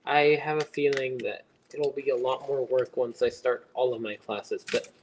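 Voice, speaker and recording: A young adult man hosts a casual livestream as he builds, rambling chattily while reading out and answering viewer chat. He has a mid-range voice and a steady tone at normal speed, with a noisy background.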